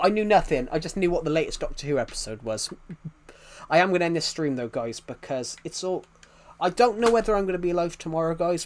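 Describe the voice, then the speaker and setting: A young British man in his twenties, live-streaming a football video game and chatting loosely, often restarting sentences and chuckling. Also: a little high. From United Kingdom. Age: 20s. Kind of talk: casual live-stream chat while playing a football game.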